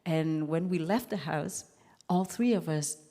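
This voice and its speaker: Halting woman in a reverberant hall. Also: deep voice. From Vietnam. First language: French. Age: 50s. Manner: halting, many restarts and fillers, animated quotes. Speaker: guest lecturer. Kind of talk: university lecture, storytelling.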